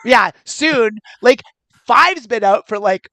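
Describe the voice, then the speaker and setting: A woman co-hosting a podcast in casual chat, rambling and laughing often, with a gravelly voice. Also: a little high, animated, takes it slowly, pushed and bright, dry recording. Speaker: podcast co-host.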